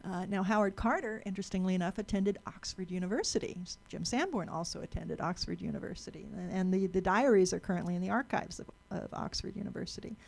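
A woman's voice: mid-range voice, quick pace, vocal fry, hardly any pauses, darkish tone. A woman giving a talk to a live audience, chatty, asking the room questions and often repeating and restarting words.

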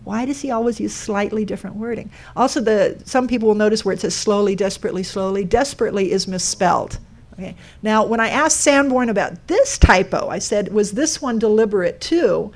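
A woman's voice: mid-range voice, a little fast, a little mellow. A woman giving a talk to a live audience, explaining step by step and putting questions to the room. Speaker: speaker giving a talk on a code sculpture.

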